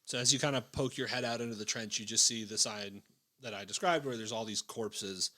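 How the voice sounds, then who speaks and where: A man narrating a tabletop war role-play as game master, describing scenes in a measured way with frequent fillers. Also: lowish voice, bright, forceful tone.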